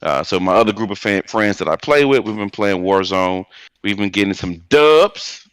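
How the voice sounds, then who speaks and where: A man with a low voice chatting casually about games, rambling and restarting his sentences. The sound is dry and close. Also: lively intonation, normal speed, clean tone, no room sound. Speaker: podcast co-host. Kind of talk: casual gaming chat.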